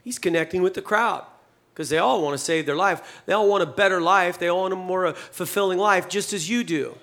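High-voiced man preaching a playful sermon. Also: a little fast, fairly bright tone. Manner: conversational and humorous, acting out scripture dialogue. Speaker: pastor.

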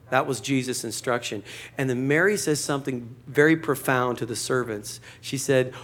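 A man's voice: mid-range voice, moderate pace, fairly bright tone. A man preaching a sermon to a church congregation, conversational and joking, acting out short quotes. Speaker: pastor.

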